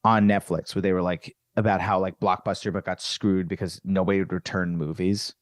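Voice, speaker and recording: A man's voice: deep voice, brisk, no room sound, studio quality. A man from Virginia, a comedian guest, telling stories in casual chat and acting out the people in them. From Virginia, USA. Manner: animated, acts out quoted exchanges.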